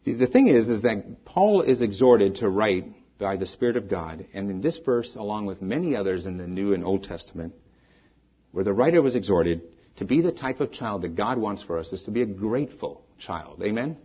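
Man preaching a sermon, husky, muffled. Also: fairly low pitch, expressive, normal speed. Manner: dynamic preaching, rising then falling away to soft endings. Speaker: pastor. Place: church.

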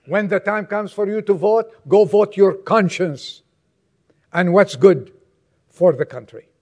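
A male pastor preaching a sermon to his congregation, emphatic and moving between loud exhortation and quiet, low asides. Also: a little slow.

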